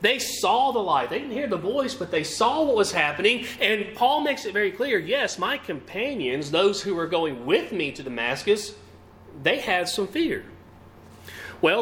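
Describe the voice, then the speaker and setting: Animated male preacher with a lively voice. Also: high-pitched, slight background noise. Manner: asks the congregation questions, emphatic rising and falling delivery. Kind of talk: sermon.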